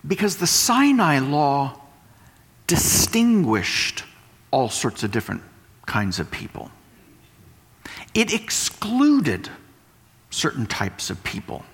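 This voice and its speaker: A man's voice: a little high, big pitch swings, slow, pauses often, fairly bright tone, husky. A man preaching a sermon, explaining and repeating points for emphasis. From West Texas. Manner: explanatory, emphatic teaching with repetition. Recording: long hall reverb.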